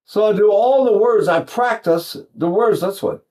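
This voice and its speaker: This singing lesson, with demonstrations sung aloud, comes from an older man from East Texas who rambles folksily and keeps starting over. His voice sits high, a little mellow, at a normal pace.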